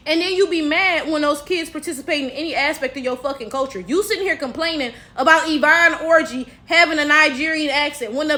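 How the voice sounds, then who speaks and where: A woman's voice: high-pitched, pushed and bright. An American woman giving a blunt, profane commentary rant to her viewers, full of rhetorical asides. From United States. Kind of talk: casual commentary vlog.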